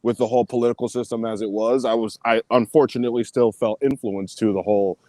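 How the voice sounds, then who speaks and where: Animated, cursing man telling his story. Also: mid-range voice, quick pace, dry recording. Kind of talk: casual chat.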